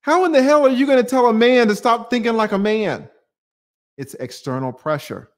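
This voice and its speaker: Male stream host, high pitched, punchy rhetorical delivery, reads and answers chat. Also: expressive, normal speed. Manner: emphatic, rhetorical questions, casual swearing. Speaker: channel host answering viewer comments. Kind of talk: livestream commentary.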